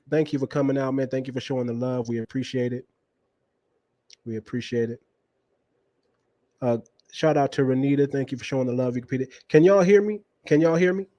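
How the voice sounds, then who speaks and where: A man's voice: medium pitch, mellow, dry recording, lo-fi sound. Laid-back man hosting a livestream. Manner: laid-back, talks straight to the viewers and checks the stream. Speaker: livestream interview host. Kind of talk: casual livestream chat.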